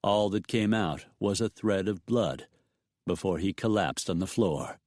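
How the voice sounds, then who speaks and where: A man's voice: low voice, expressive, a little slow, a little mellow, no echo. Man narrating a western, dry close sound. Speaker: audiobook narrator. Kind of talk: scripted western audiobook narration.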